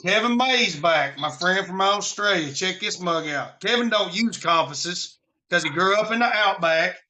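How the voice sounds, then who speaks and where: A man's voice: high voice, animated, normal speed, bright, forceful tone. A man from Alabama with a Southern accent, hosting a casual live stream about preparedness in a folksy, rambling way.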